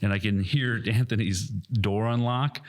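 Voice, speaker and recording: A man's voice: fairly low pitch, fairly even intonation, unhurried. A man co-hosting a podcast, chatting casually with profane, laughing banter. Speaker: podcast co-host. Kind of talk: casual chat.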